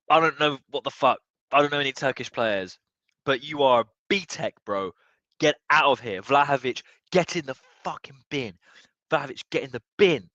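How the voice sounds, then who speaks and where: Young football fan streamer, a bit drunk, sweary and animated, sharp tone. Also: male voice, medium pitch, dry recording, dull audio. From United Kingdom. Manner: excitable, sweary, swings from muttering to yelling. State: tipsy. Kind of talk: live match watchalong reaction.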